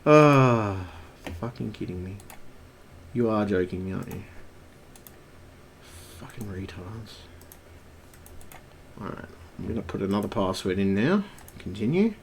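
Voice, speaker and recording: A man's voice: lowish voice, animated, a little slow, creaky, pauses often, a little hiss or hum. A man live streaming at his computer, ranting angrily and swearing constantly. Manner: angry, profane ranting.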